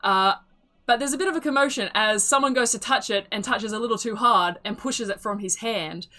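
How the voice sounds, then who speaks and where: A woman's voice: a little high, fairly quick, pushed and bright. A woman narrating a tabletop game as game master, chatty and loose, with many fillers and laughs.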